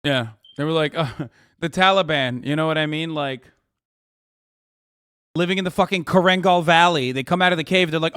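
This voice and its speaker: A man hosting a live political stream, reacting to news with sarcastic, profane, animated ranting. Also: fairly high pitch, moderate pace, long pauses, smooth, dry recording, studio quality. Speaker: political livestream host.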